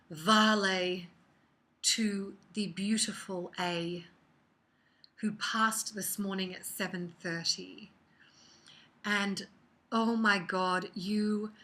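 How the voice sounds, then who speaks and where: A woman giving a casual weekly card reading as a psychic, chatty and expressive, sometimes dropping into soft whispered asides. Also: mid-range voice.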